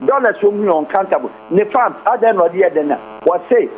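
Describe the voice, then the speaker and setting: A man delivers fervent political commentary as a radio guest, hopping between Twi and English and stacking up rhetorical questions. His voice sits high for a man. It comes through a thin, phone-like line with a faint hum underneath. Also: lively intonation, brisk.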